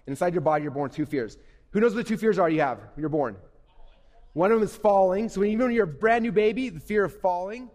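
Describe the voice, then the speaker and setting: A middle-aged man gives a lively stage talk to a young audience, rattling along quickly in a fairly high voice. He keeps asking the crowd questions and slips into little acted inner voices. The sound rings with the long reverb of a large hall. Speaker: speaker at a youth event. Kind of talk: energetic stage talk to kids.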